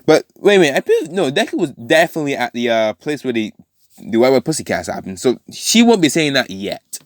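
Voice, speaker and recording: A man casually improvising a fan-fiction story aloud, rambling and correcting himself with lots of fillers, now and then dropping into quick character quotes. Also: medium pitch, huge pitch swings, dry recording, studio quality.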